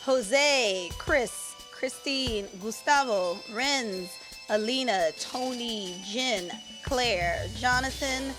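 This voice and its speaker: A woman's voice: a little high, takes it slowly, music in the background. Giggly woman podcast co-host. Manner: giggly and teasing, laughs often. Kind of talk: casual chat.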